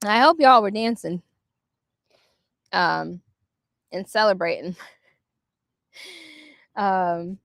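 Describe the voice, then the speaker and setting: A woman hosting a casual spiritual livestream outdoors, musing softly and guiding slow breathing. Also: mid-range voice, expressive, vocal fry, no room sound, clean studio sound. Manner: meandering, soft and reflective, guides slow breathing. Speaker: livestream host. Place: outdoors near a park.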